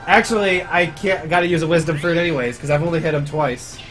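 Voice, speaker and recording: A man's voice: on the high side, fast talker, music in the background. A man giving casual live commentary on his speedrun, chatty and grumbling about mistakes. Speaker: speedrunner streamer.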